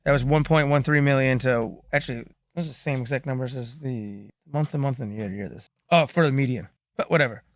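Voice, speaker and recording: A man co-hosting a real estate market update, joking around and reading figures slowly. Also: mid-range voice, dry recording. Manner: joking, reads figures slowly and rounds them off. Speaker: co-host reading market statistics. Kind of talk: casual podcast chat.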